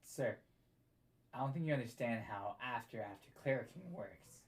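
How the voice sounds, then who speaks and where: A man's voice: medium pitch, normal speed, pitched below the performer's own voice, close to an everyday voice. A man voicing a shifty, greedy male cleric who hesitates and mumbles his answers. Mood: evasive.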